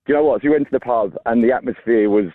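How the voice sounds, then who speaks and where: Hoarse caller on a phone line. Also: male voice, medium pitch, racing, no echo. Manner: gushing, emotional fan. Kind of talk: phone-in call. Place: outdoors walking dogs.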